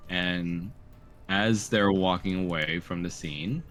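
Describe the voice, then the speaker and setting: A man's voice: low-pitched, slow, fairly bright tone. A man narrating as game master in a casual, rambling way.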